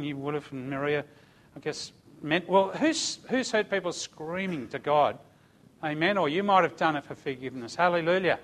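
A man's voice: on the high side, a bit bright. A middle-aged man telling a testimony in a sermon, emphatic and calling out amen and hallelujah. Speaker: church speaker giving testimony.

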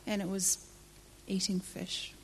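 A woman's voice: medium pitch, monotone, takes it slowly. Woman, audience volunteer, short hesitant replies, faint background noise. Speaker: audience member sharing a dream. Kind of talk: casual answers on stage.

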